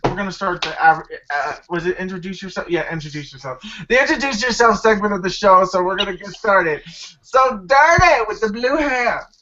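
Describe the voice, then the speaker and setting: A man's voice: sits high, sharp tone. A man hosting a casual gaming podcast, rambling, giggling and apologizing as he introduces his co-hosts. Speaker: podcast host. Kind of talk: casual chat. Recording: dull lo-fi podcast audio.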